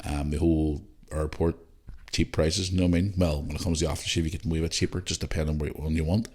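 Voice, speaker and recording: A man's voice: very deep voice, steady tone, fast, a little mellow, breathy edge. A middle-aged Northern Irish man hosting a podcast, telling a rambling, sweary story and talking to his listeners as guys. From Northern Ireland. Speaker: podcast host. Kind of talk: casual storytelling chat.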